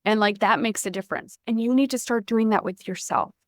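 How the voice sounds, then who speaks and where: A woman's voice: fairly high pitch, a little fast, dry recording, studio quality. A woman, hosting a motivational podcast, emphatic and casual, with swearing. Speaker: podcast host.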